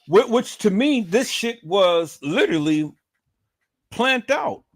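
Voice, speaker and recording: A man's voice: sits high, big pitch swings, slow pace. A man hosting a livestream, talking emphatically and repeating himself as he calls out to his viewers, with plenty of profanity. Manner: emphatic, repetitive, profane, keeps calling out to viewers. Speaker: livestream host. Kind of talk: livestream commentary.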